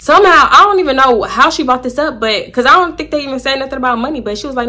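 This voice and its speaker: Brief: young woman, slightly high and bright, animated storyteller for a vlog. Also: fast talker, hardly any pauses. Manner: animated, acts out quoted voices, addresses viewers as y'all.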